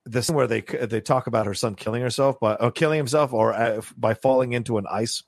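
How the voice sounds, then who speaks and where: A man with a husky voice chatting casually about a TV comedy, excitable and swearing. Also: fast, no room sound, studio quality. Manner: excitable, swings in pitch, laughs and swears. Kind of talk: casual chat about a TV show.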